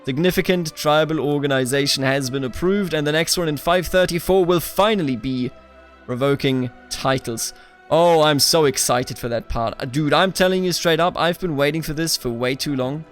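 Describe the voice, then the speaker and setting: A man's voice: a little high, normal speed, faint music behind. A young man giving casual, playful gameplay commentary as the host, chatting back at the characters on screen. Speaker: let's play host.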